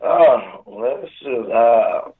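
A raspy-voiced man with a Southern accent calls into a radio show over a tinny phone line. He talks slowly, stumbling and repeating words as if still waking up. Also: mid-range voice, expressive. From Southern United States. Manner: halting, repeats words, laughs easily. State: just woke up, hoarse after a long show. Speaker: guest. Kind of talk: casual radio interview.

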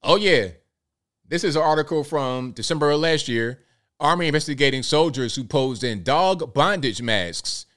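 Animated male show host. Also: a little high, moderate pace. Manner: animated, full of rhetorical questions. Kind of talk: live commentary show.

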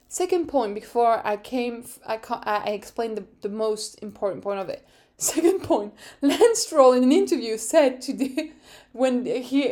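A young woman hosting a casual solo recap podcast, animated, laughing often and swearing freely. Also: high-pitched. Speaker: podcast host.

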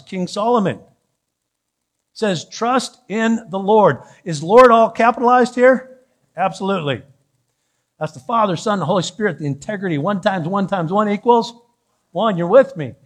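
A man's voice: high voice, animated, normal speed. A middle-aged man preaching a sermon as pastor in a church, chatty, with joking asides and frequent restarts. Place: church sanctuary.

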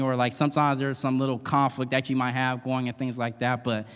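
A man's voice: mid-range voice, monotone, fairly quick, a bit bright, clear, resonant tone. Man preaching with long hall reverb. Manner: conversational, emphatic, frequent tag questions. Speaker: guest preacher. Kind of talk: sermon. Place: church sanctuary.

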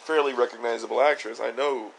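A man's voice: mid-range voice, steady tone, fast talker, gravelly, slight background noise, rough recording. A man co-hosting a podcast in casual chat, joking and rambling with lots of fillers. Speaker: podcast co-host.

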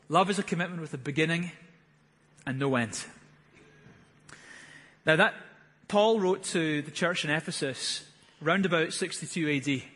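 Fervent pastor preaching in a reverberant hall. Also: male voice, a little high, sharp tone, breathy edge. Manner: earnest, building to fervent emphasis. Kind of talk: sermon.

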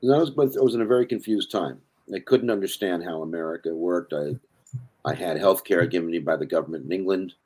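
Older guy rambling thru stories, deep husky voice, keeps restarting. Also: quick pace, dark tone. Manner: rambling, self-interrupting storyteller. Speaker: podcast guest. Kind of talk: casual storytelling.

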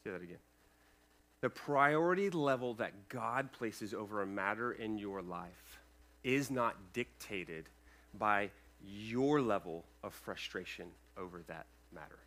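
A male pastor preaching a sermon to his congregation, earnest and emphatic, with loud peaks and quiet asides, checking in with the room. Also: on the low side, lively intonation, a little slow. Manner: addresses the congregation with checking questions. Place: church sanctuary, speaking over a sound system.

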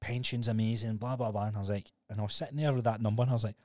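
A Scottish man in his thirties tells his story fast and candidly on a podcast, swearing freely. His voice sits a little low. The sound is dry and close. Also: steady tone, mellow, dry recording. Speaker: podcast co-host. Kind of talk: casual podcast chat.

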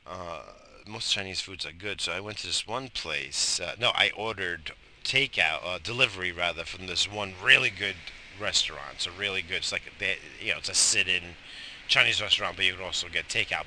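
A man's voice: deep voice, fairly quick, bright, forceful tone, slight background noise. A middle-aged man, tired and coughing, rambling profanely in a casual morning vlog. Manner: profane, rambling, loose and chatty. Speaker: vlogger.

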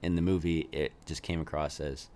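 This is a man with a notably deep, low-pitched voice, co-hosting a relaxed conversation. He rambles, restarts and pads his sentences with fillers, breaking into laughs along the way. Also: moderate pace. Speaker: podcast co-host. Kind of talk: casual chat reviewing a movie.

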